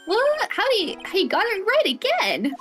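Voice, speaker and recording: A woman's voice: very high voice, huge pitch swings, normal speed, fairly bright tone, faint music behind, voice pushed up, exaggerated voice. A woman doing a flustered young male lawyer. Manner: flustered, stammering. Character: earnest flustered young male defense attorney.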